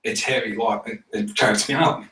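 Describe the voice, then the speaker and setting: A man telling stories to a group in a casual, animated way, laughing often and swearing freely. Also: lowish voice, moderate pace, far from the mic, slight background noise. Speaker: team member giving a testimonial. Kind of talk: casual storytelling talk to a group. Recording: echoey room, recorded from afar.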